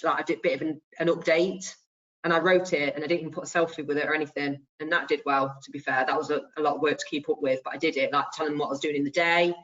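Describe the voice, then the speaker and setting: A woman speaking as an accountant on a webinar panel, chatty and quick to laugh. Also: low voice, fairly bright tone, muffled recording.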